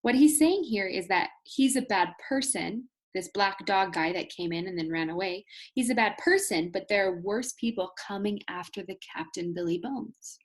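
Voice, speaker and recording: Woman teacher reading a novel aloud to students, explains vocabulary as she goes, husky tone. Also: medium pitch, moderate pace, few pauses. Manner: explains hard words as she reads.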